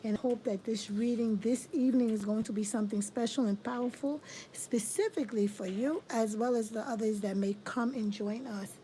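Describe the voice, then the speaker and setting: A woman reads tarot cards on a livestream, welcoming viewers with warm repeated phrases. Her voice sits a little high but sounds mellow and dark in tone, with a faint hiss under it. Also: moderate pace, rough recording. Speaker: tarot reader hosting a livestream. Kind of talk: casual livestream tarot reading.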